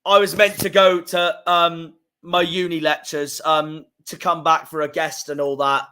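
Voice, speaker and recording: Swearing young football fan on a stream. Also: male voice, a little high, level tone, a little slow, clean tone. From England. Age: young adult. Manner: frustrated, swearing, loud outbursts. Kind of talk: live stream reaction.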